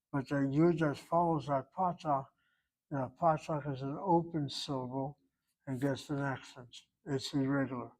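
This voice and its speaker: A man teaching a Hebrew grammar class, explaining slowly and repeating words for the students to hear. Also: a little high, low-quality recording.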